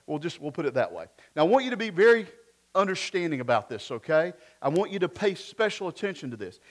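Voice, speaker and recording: A man preaching a sermon, switching between loud emphatic lines and quiet asides, and putting rhetorical questions to the congregation. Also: fairly high pitch, very animated, fast talker. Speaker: pastor.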